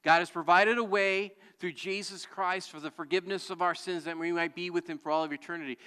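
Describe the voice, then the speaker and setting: Guy pastor preaching in a church, smooth clear voice, big hall echo. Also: sits high, fairly quick, pushed and bright. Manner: storytelling with audience call-and-response. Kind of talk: sermon. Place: church sanctuary.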